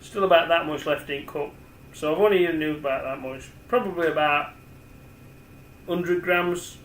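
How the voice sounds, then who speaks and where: Brief: man, forties, slightly high voice, rambling home cooking demo, echoey kitchen with a faint hum. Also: normal speed, fairly bright tone. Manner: rambling, chatty, talks to the camera as he works. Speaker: home cook. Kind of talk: casual cooking demonstration.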